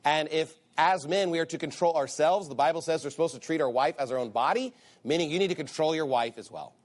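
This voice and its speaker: A pastor delivering a sermon in a somewhat high male voice. He hammers his points with emphatic repetition and reads old-style scripture aloud between them. His pitch climbs as he presses a point. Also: fast. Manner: emphatic, repeats phrases for stress; reads scripture aloud in King James wording.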